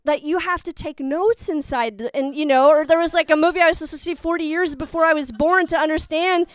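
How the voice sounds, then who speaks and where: A woman's voice: high-pitched, fast talker, dry recording. A young woman doing a rambling, exasperated, self-mocking stand-up set. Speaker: stand-up comic. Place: live studio audience.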